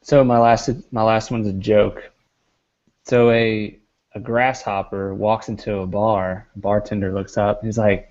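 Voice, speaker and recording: Man, low voice, dry joke delivery; dull lo-fi recording. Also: little pitch movement, a little slow, darkish tone. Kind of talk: telling a short joke.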